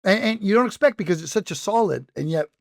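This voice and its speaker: Gravelly-voiced man co-hosting a snack podcast. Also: high-pitched, lively intonation, quick pace, no room sound, studio quality. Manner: rambling, self-interrupting, jokey bits. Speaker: podcast co-host. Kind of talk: casual chat.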